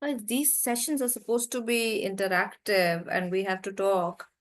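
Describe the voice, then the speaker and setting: A woman's voice: medium pitch, steady tone, normal speed. A young woman with an Indian English accent teaching an online English class, chatty, giving example sentences and stories.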